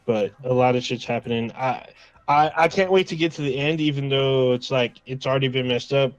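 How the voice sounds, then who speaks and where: A man's voice: mid-range voice, a little fast, clean tone, dry recording, lo-fi sound, faint music behind. Rambling, profane man in casual chat. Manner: rambling, profane, retells scenes with quoted reactions. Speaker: podcast co-host.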